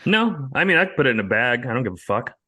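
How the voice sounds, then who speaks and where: A young man on a podcast, co-hosting and swearing freely as he tells animated stories in casual chat. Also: medium pitch, quick pace, no room sound. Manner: profane, animated storyteller. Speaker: podcast co-host.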